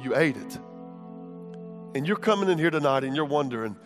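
A man in his thirties preaching a sermon with passion, swinging from shouts to hushed tones. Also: on the high side, lively intonation, brisk, long pauses, music in the background. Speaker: pastor.

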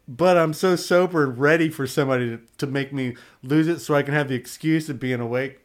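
Guy with a fairly high voice, swears freely, tells stories with lively sound effects. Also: a little fast. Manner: profane, animated, acts out quotes and sound effects. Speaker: tattoo artist and shop owner. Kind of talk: casual storytelling.

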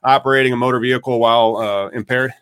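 A man's voice: medium pitch, fairly even intonation, quick pace, fairly bright tone, clean tone. A man hosting a live podcast, talking casually and rambling with many fillers. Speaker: podcast host.

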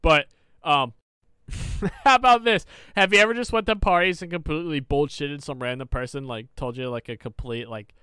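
Bright-voiced young man spinning a story. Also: a little high, moderate pace, smooth, no room sound. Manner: swearing, laughing anecdote teller. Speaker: podcast co-host. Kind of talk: casual chat, storytelling.

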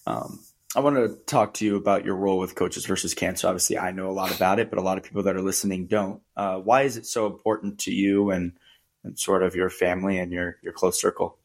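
A male podcast host with a very low voice asks his guest questions in an easygoing, casual interview. He keeps things relaxed and conversational. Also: fast.

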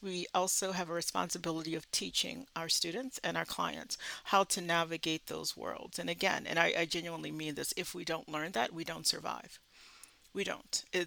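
A woman's voice: fairly low pitch, gravelly, bright, forceful tone, no echo, rough recording. A woman from the South, a social work educator speaking earnestly and emphatically as an interview guest. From Southern United States. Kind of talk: conversational interview.

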